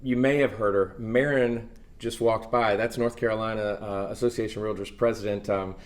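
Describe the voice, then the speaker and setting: A man hosting a casual chat show from a hotel suite, halting with many fillers and restarts. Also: lowish voice, fairly even intonation. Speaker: host.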